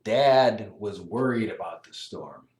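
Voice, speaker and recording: A storyteller reading a children's picture book aloud in a slow, expressive, sing-song way. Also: medium pitch. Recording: echoey room.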